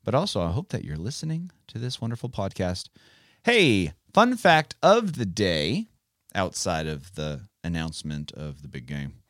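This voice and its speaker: Animated man hosting a kids' Bible podcast. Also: deep voice, normal speed, no echo, studio quality. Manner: animated, teacherly, playful. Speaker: podcast host. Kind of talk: casual Bible podcast for kids.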